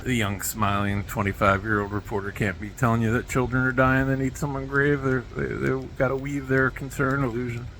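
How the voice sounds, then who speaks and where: A man's voice: mid-range voice, level tone, fairly quick, hardly any pauses, a bit bright, a little hiss or hum. A man rambling sardonically in a solo video monologue, jumping between mock quotes and asides. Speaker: video blogger.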